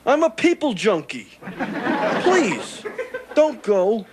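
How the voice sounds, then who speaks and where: A squeaky, gravelly sitcom alien who begs and cracks jokes, bouncy delivery, noisy studio crowd roaring. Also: male voice, sing-song, exaggerated voice. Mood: pleading. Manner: quick wisecracks and whiny pleading. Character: wisecracking furry male alien houseguest, scheming and needy. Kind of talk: 1980s sitcom acting. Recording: loud studio audience laughter, noisy.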